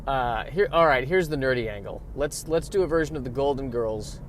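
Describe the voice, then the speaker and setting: A man's voice: medium pitch, animated, a little fast, slight background noise. A man hosting his own podcast in a casual, rambling monologue, talking in an offhand, self-mocking way. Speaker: podcast host.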